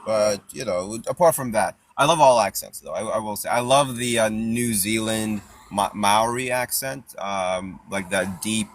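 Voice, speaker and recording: A man hosting a casual chat, rambling and animated, laughing often as he talks. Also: fairly low pitch, measured pace, hardly any pauses. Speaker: podcast host. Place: parked car outdoors.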